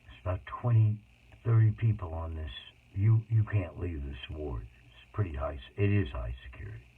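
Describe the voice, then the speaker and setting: A man telling a personal story in a rambling, emotional monologue with sudden loud outbursts. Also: low voice, moderate pace. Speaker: autobiographical storyteller. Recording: tinny phone-like noisy recording.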